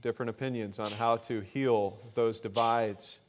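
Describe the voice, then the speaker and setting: A man preaching a sermon, reading scripture aloud and rising in pitch and volume on key phrases. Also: steady tone, a little hiss or hum. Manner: deliberate, measured delivery with fillers. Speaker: pastor.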